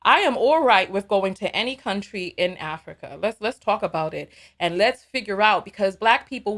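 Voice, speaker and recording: A woman hosting a live call-in stream, reading viewer messages aloud and commenting in an animated, sassy way. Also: medium pitch. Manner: animated, sassy, quick to laugh. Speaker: live call-in show host.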